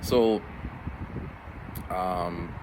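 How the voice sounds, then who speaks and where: A man in his forties, a middle school teacher, telling stories from his week in a casual, animated way. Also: very slow, background noise. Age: 40s. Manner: animated, jumps into high voices for quoted kids. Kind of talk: casual storytelling vlog.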